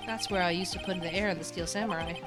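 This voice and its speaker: A woman voicing a brash, excitable young man who runs a hot dog stand, talking in loud slang. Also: lowish voice, very fast, loud music behind the voice, lightly acted. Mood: offhand.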